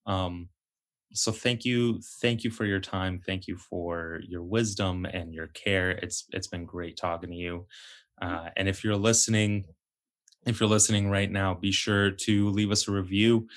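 A man hosting a podcast, thanking his guest and closing the episode in a halting, restarting way. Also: low voice, fairly even intonation. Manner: halting, many restarts and fillers. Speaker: podcast host. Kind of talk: casual interview chat.

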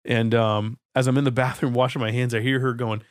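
A man's voice: medium pitch, little pitch movement, fairly quick, clear, resonant tone, dry recording, clean studio sound. A man co-hosting a casual chat, recounting a story in a laid-back way. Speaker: podcast co-host.

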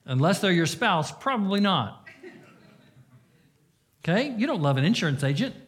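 A man preaching a sermon, sharing his own testimony earnestly, rising to loud emphasis and dropping to hushed, quiet passages. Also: sits high, very animated, normal speed. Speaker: pastor.

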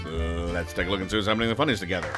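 A man hosting a comedy podcast, reading newspaper comics aloud and explaining the jokes in a rambling, deadpan way. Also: low voice, very fast, loud music behind the voice, a loud crowd. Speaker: podcast host.

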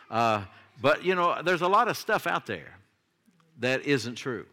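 A man's voice: medium pitch, sing-song, a little slow, bright, forceful tone. An older man, a pastor delivering a sermon in a conversational style that swings into emphatic declarations.

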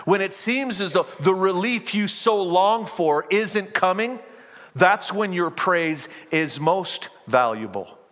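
A man preaching a sermon, his fairly high voice carrying with a long reverb that trails after each phrase. He reads scripture aloud, climbs to impassioned cries and then sinks back to a low, quiet delivery. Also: lively intonation, takes it slowly. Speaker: pastor.

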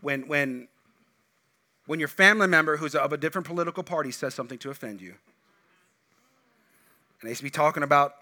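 A middle-aged man preaching a sermon as pastor, animated, swinging between loud emphatic bursts and quiet asides. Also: fairly high pitch, quick pace, long pauses.

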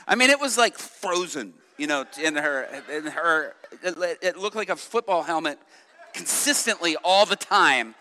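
A man preaching and telling a lively story from the pulpit, acting out the voices of the people in it and laughing along. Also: a little high, measured pace, in a large hall, slight background noise. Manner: animated, laughing, acts out voices in his stories. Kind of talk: sermon storytelling.

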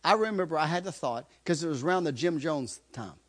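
Guy telling his testimony story, keeps repeating himself, chuckles a lot, voice sits high and jumps around. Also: lively intonation, brisk. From Kentucky. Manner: repeats phrases for emphasis, chuckles through the telling. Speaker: guest sharing his testimony. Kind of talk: animated personal testimony storytelling.

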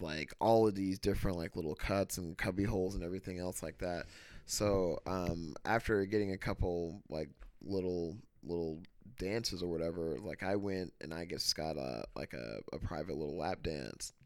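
A man's voice: sits low, normal speed, clear, resonant tone, no echo. A young man guesting on a casual comedy podcast, telling a story with lots of fillers. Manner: rambling, filler-heavy storytelling.

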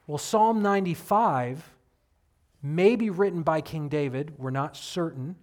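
Animated preaching man, higher voice. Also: measured pace. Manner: animated storytelling, acting out quoted voices. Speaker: pastor. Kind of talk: sermon.

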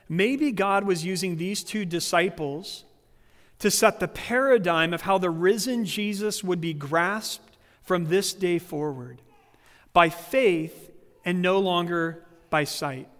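A man preaching a sermon as pastor, animated and conversational, sometimes acting out quoted voices. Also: sits high, slow, long reverb tail. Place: church sanctuary.

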